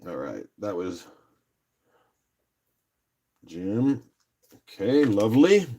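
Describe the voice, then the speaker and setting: A man's voice: fairly low pitch, big pitch swings, extremely slow, mellow. A man hosting a casual live-stream rock auction, upbeat and chatty, calling out bids and laughing often.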